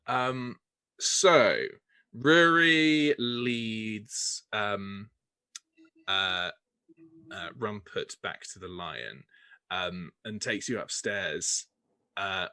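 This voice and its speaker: A man narrates a tabletop game as game master, stopping and restarting as he goes. His voice is bright and close, recorded dry. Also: fairly low pitch, dry recording. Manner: halting, many fillers and restarts.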